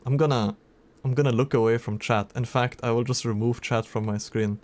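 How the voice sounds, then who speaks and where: A man's voice: medium pitch, fairly even intonation, brisk. Male streamer, mid-range voice, casual running chatter with viewers. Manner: chatty, reacts to chat messages. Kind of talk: casual livestream chat.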